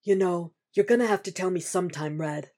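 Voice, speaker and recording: A blunt, protective ex-Marine barks short orders in a low voice, as a woman reads him in a fan-fiction audiobook. He keeps his sentences clipped and gruff, with a darker, altered tone. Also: brisk, a little mellow, close to an everyday voice.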